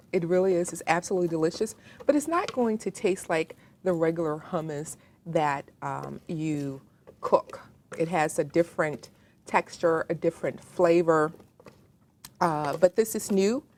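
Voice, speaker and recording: In a fairly low, darkish voice that runs a little slow, a woman with a Southern American accent demonstrates home cooking. Chatty as she works in her kitchen, she keeps talking to the viewer.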